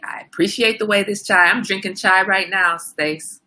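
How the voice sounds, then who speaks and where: A woman's voice: medium pitch, moderate pace, hardly any pauses, pushed and bright. A woman hosting a casual livestream, chatting straight to her viewers. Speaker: livestream host.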